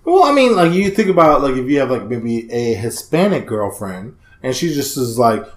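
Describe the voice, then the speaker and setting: A man's voice: medium pitch, moderate pace, few pauses, reverberant. A man co-hosting a casual chat, telling stories animatedly, swearing and acting out other people's lines. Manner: animated storyteller, swears, acts out voices. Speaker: podcast co-host.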